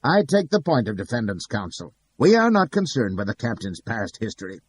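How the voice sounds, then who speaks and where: A man's voice: a little high, very animated, brisk, pitched above the performer's own voice. A man voicing a curt male adjudicator snapping out rulings in court.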